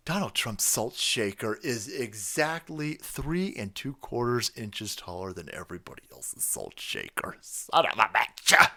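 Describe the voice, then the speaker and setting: A man's voice: medium pitch, very animated, moderate pace, hardly any pauses, fairly bright tone. A man giving crude, mocking reaction commentary, ranting and swearing. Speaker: online commentator.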